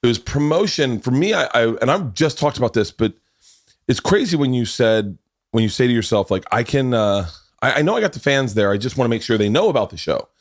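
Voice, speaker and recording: A man's voice: mid-range voice, expressive, fairly quick, no echo, studio quality. A middle-aged man hosting a casual podcast chat, rambling and swearing freely, talking over others. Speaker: podcast host.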